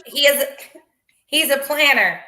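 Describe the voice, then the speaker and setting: A woman's voice: sits high, lively intonation, unhurried, sharp tone. A woman hosting a casual live video show, chatty, laughing easily and reading out viewer comments. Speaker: show host.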